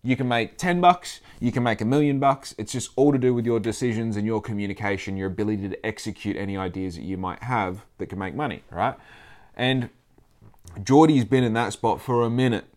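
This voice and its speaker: A man's voice: lowish voice, a little fast, darkish tone. A man with an Australian accent talking casually in a rambling monologue, swearing freely and acting out the people he quotes.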